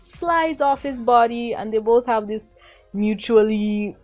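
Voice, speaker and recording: A young adult woman casually reviewing a cartoon episode, excitable and gushing, acting out the characters' lines. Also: fairly high pitch, slow, muffled recording, soft background music. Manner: excitable, gushing, acts out quotes.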